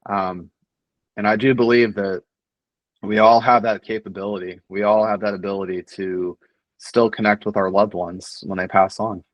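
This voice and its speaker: Earnest low-voiced man, reflective. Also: fairly even intonation, normal speed, no echo, highs cut off. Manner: earnest, reflective, many fillers and restarts. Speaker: podcast guest. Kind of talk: casual conversation.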